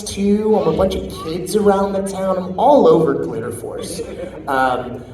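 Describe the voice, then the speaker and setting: A man with a slightly high voice answers fan questions at a convention panel, loose and chatty, often laughing between thoughts. He sits a bit back from the mic in a roomy, echoey hall. A crowd murmurs behind him. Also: distant mic. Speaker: voice actor panel guest.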